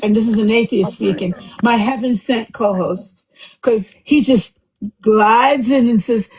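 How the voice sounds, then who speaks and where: Chatty husky woman hosting live. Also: a little high, unhurried, rough recording. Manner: chatty, rambling, warm and effusive. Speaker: host of a live book club discussion. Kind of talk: casual live group chat.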